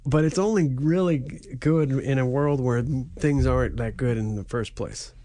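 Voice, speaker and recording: A man chatting casually as co-host of a movie review show. His delivery is dry and offhand, with a joking edge. He speaks at an ordinary, middle pitch. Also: moderate pace, mellow, dry recording. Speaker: podcast co-host.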